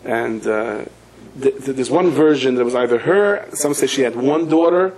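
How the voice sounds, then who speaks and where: Rabbi spinning a story, acts out all the voices, mixed in. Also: male voice, medium pitch, moderate pace, poor audio. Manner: animated storyteller, acts out quoted voices, cries out at climaxes. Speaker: rabbi giving a Torah class. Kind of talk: storytelling lecture.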